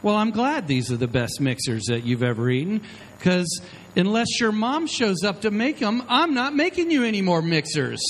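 A man's voice: high-pitched, very animated, moderate pace, in a large hall, slight background noise, pitched above the performer's own voice. A man mimicking an indignant wife in a raised, pointed voice during a sermon. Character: indignant wife refusing her husband.

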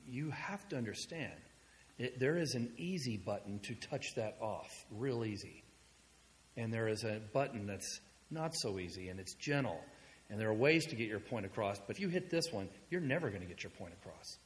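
A male pastor preaching a sermon in a conversational storytelling manner, moving between hushed asides and loud, excited passages. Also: on the low side, normal speed, long reverb tail, slight background noise.

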